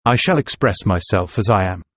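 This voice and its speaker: A man's voice: on the low side, expressive, normal speed, a bit bright. A man voicing a proud, aloof young male student who speaks in a cutting, intense way, in an audiobook reading. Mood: defiant.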